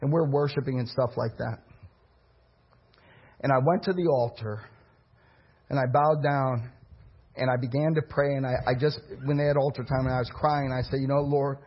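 A man preaching a sermon as pastor, alternating impassioned preaching with quiet personal storytelling. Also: medium pitch, steady tone, moderate pace, pauses often, breathy edge, dull audio.

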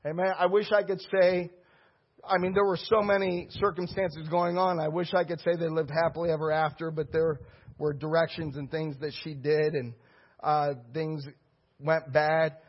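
Husky high-voiced preacher guy, urgent and repetitive, muffled recording. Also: flat delivery, moderate pace. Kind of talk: sermon with storytelling. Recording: dull lo-fi recording.

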